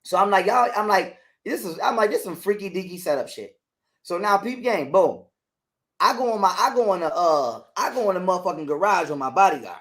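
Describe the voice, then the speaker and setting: A man's voice: high voice, brisk. A man, an interview guest, telling a long story in a casual, profane way and acting out both sides of an argument. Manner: animated, profane, acts out both sides of a quarrel.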